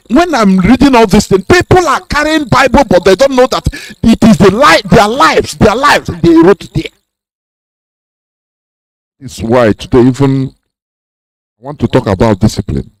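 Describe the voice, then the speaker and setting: A man's voice: high voice, low-quality recording. A man hosting a radio show, explaining points in a sermon-like way with fillers. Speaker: radio host. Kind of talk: preaching radio talk.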